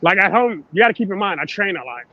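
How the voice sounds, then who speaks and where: A man's voice: high voice, very animated, fast talker, lo-fi sound. A man co-hosting a casual live stream, talking bluntly and plainly. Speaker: show co-host.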